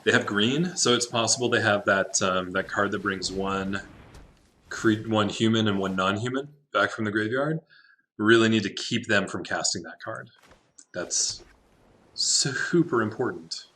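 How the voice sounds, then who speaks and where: A man's voice: lowish voice, a little slow, bright, forceful tone, slight background noise. A man giving casual gameplay commentary, talking to himself in a wry way and laughing at his own jokes. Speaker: game streamer.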